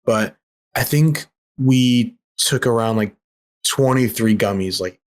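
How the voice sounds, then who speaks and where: A man's voice: medium pitch, takes it slowly. Rambling young man, slangy podcast guest. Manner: rambling, heavy filler words, loose slangy storytelling. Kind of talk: casual podcast chat.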